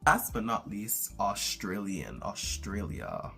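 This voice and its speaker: A man's voice: fairly low pitch, big pitch swings, measured pace, creaky, few pauses, pushed and bright, faint music behind. A man talking casually to camera as a vlogger, playful and chatty, slipping into mock accents now and then.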